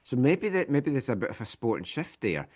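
A man's voice: mid-range voice, big pitch swings, brisk, a little mellow. A man co-hosting a casual football chat, giving blunt, matter-of-fact opinions. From Scotland. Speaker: co-host.

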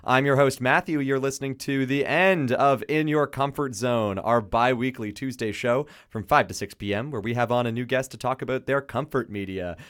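Male radio host, casual studio chat, playful, laughs a lot, mid-pitched voice. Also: normal speed, hardly any pauses, fairly bright tone.

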